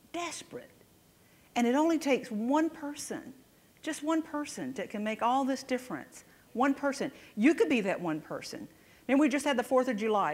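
Woman preacher, chatty and emphatic sermon delivery, mid-range voice, long hall reverb. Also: mid-range voice. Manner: conversational, emphatic, frequent restarts and "right?" asides.

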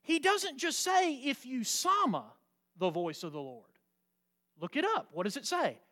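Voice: high voice, sing-song, measured pace, pushed and bright. A preacher giving an emphatic sermon, often asking the listeners rhetorical questions in a folksy, teasing way.

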